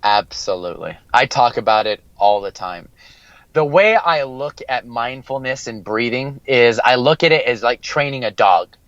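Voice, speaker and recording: A man's voice: mid-range voice, animated, normal speed, a bit bright, no echo, highs cut off. A man working as a mental skills coach, giving an earnest podcast interview and repeating key phrases for emphasis.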